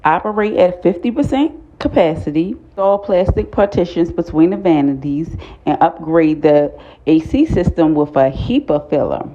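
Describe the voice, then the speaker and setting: A woman giving a casual, blunt, profane recap of a TV episode, talking in an animated way. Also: fairly low pitch, normal speed, highs cut off. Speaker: TV recap vlogger.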